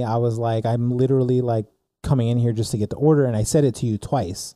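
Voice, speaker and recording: A young man tells a story in a relaxed, chatty way, acting out each side of the exchange with plenty of likes and ums. His voice is very dark and mellow. The recording is close and dry. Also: medium pitch, fast, no echo. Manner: animated storyteller, acts out dialogue with filler words. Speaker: podcast co-host telling a story. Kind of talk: casual storytelling chat.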